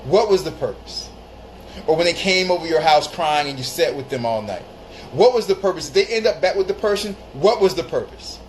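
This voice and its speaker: A man's voice: a little high, expressive, brisk, poor audio. A man talks straight to his viewers in a slightly raised voice, hammering home his advice by repeating short phrases. He breaks off now and then to greet people joining the stream. A faint hiss sits under his casual, unscripted talk. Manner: emphatic, repeats phrases for stress. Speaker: live-stream host.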